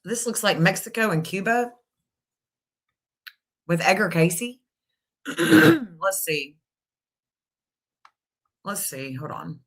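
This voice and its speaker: A woman's voice: medium pitch, big pitch swings, slow, gravelly, pauses often, a bit bright, slightly rough. A middle-aged woman hosting a casual live stream, thinking aloud and reading out searches as she goes. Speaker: live stream astrology reader.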